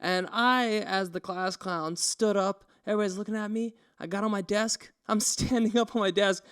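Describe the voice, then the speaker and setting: A man's voice: sits high, normal speed, smooth. A young man co-hosting a podcast, telling stories casually and acting out the quotes. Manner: animated storyteller, acts out quotes. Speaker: podcast co-host. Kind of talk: casual chat, storytelling.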